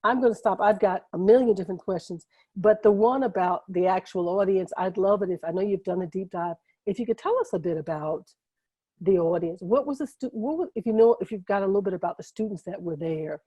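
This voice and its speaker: A woman's voice: mid-range voice, a little fast, warm tone, breathy edge, dry recording. A woman hosting a video call conversation, asking long, enthusiastic, rambling questions that she keeps interrupting herself. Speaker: host and moderator.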